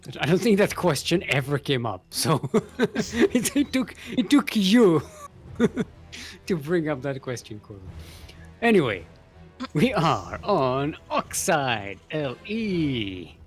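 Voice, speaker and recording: A man commentating a live esports match with a slightly high voice that moves a lot in pitch. He banters and jokes easily as he casts, with faint music underneath. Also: sing-song, slow pace. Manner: joking, playful banter. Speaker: esports caster.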